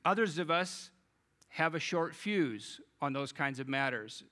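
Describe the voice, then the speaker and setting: Casting: male pastor, bright and forceful, a bit high, chatty preaching. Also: expressive, unhurried. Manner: conversational, addresses the congregation directly. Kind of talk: sermon.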